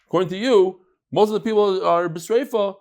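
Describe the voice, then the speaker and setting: A man, a rabbi, giving a daily Talmud lecture, thinking out loud, acting out the exchanges and mixing English with Hebrew and Aramaic terms. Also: sits high, a little fast.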